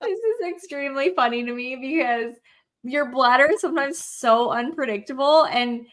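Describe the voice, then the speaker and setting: A woman's voice: high-pitched, lively intonation, moderate pace, a bit bright. A woman co-hosting a casual chat, speaking frankly with lots of fillers and the odd swear. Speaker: co-host.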